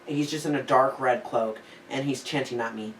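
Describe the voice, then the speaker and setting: In an echoey room with a distant mic and a faint hiss, a young podcast co-host tells a meandering story full of "like" fillers. His mid-range voice is a bit bright and moves at normal speed.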